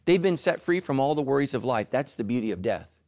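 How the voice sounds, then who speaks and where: A middle-aged man preaching a sermon as pastor, animated, who leaps into high mocking voices for asides. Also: fairly quick, no echo, clean studio sound.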